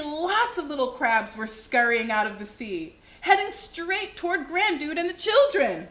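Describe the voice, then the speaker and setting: Woman reading a kids story slowly and expressively, roomy echo. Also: sits high, sing-song, sharp tone. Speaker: children's show host. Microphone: livestream. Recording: echoey room.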